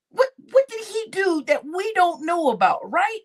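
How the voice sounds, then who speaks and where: Woman vlogger spilling gossip, high voice swinging all over, laughs a lot and cusses. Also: very animated, unhurried, hardly any pauses. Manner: laughs often, swears freely, repeats phrases. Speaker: YouTube commentator. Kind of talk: casual gossip commentary.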